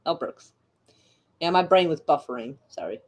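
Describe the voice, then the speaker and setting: A woman's voice: sits low, animated, normal speed. A woman streamer chatting casually about an old comedy film, laughing often and swearing freely. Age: adult. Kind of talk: casual chat.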